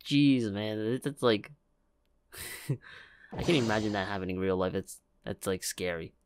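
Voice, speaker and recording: A man's voice: on the low side, a little slow, background noise. A man, a YouTuber, reacting casually to game cutscenes, laughing often and exclaiming as he trips over his words. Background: game music.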